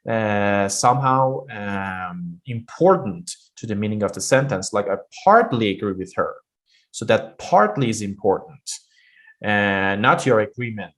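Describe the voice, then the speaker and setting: Patient male pronunciation teacher. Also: medium pitch. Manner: patient, repeats points with fillers and restarts. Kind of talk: online lesson explaining.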